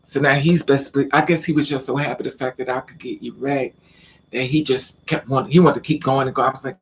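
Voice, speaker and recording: A man telling a personal story in a casual vlog, talking in an animated way with stammering repeats and acting out the lines of the people in it. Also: medium pitch, quick pace, slight background noise. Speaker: vlogger.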